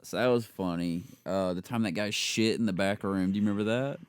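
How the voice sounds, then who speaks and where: A man's voice: lowish voice, fairly quick, clear, resonant tone, no echo. A young man co-hosting a podcast, telling crude work stories in casual chat, swearing freely and acting out the people in them. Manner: profane storyteller, bursts into loud laughing impressions. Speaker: podcast co-host.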